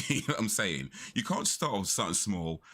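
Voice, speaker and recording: A man's voice: fairly low pitch, big pitch swings, fairly quick, bright, forceful tone. A young man chatting casually on a live stream, rambling through stories and laughing often.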